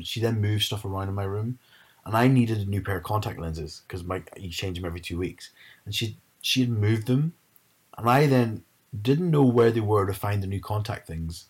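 A man's voice: fairly low pitch, breathy edge. A man, chatting casually and animatedly retelling a story. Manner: animated storyteller, mimics his mum.

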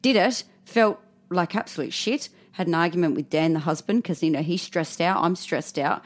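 A woman's voice: on the low side, moderate pace. A woman, co-hosting a casual podcast chat and telling candid stories. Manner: candid, storytelling, acts out quotes. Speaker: podcast co-host.

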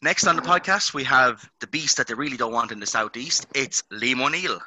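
A man's voice: mid-range voice, fairly quick, sharp tone, rough recording. A young Irish man in his twenties hosting a casual sports podcast, rambling with lots of ums and uhs. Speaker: podcast host.

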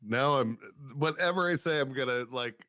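A man's voice: mid-range voice, normal speed, no room sound, clean studio sound. A man who is a stand-up comedian, telling stories casually in an interview and acting out the voices of people he quotes. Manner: animated, acts out quoted voices, swears casually.

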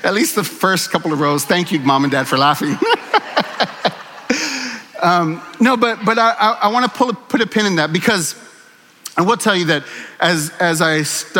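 Guy preaching, high bright voice, candid and joking at himself, big hall echo. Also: slight background noise. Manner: earnest, candid, self-deprecating humor. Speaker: pastor. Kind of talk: conversational sermon.

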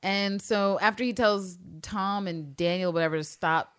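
A woman's voice: medium pitch, moderate pace, clean tone. A woman co-hosting a podcast, recapping a TV episode in casual, profane chat and acting out the lines. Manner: animated, profane, acts out quotes. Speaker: podcast co-host.

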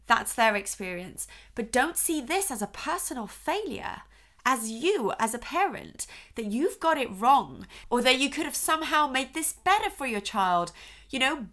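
Bright, earnest woman giving parenting advice. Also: sits high. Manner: earnest, reassuring, often checks in with "okay?". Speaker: parenting expert. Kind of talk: direct-to-camera advice talk.

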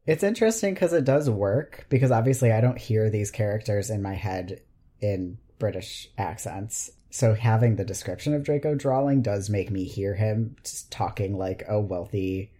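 A podcast co-host with an American accent, mid-pitched, chatting casually. The talk comes across frank and wry, rolling through long, talkative stretches. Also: expressive, moderate pace, mellow. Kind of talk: casual chat.

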